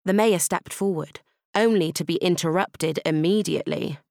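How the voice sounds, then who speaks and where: A woman reading a children's audiobook with playful, expressive narration. Her voice sits slightly low. The recording is close and dry. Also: normal speed, creaky, dry recording.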